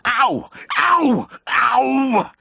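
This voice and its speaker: A man putting on a sour, grumbling old farmer, blunt and quick to swear. The voice sits low and gruff but swings widely. It is recorded close and dry, with no room sound. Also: lively intonation, no echo, heavily acted. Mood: yelling in pain. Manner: blunt, bad-tempered, swearing.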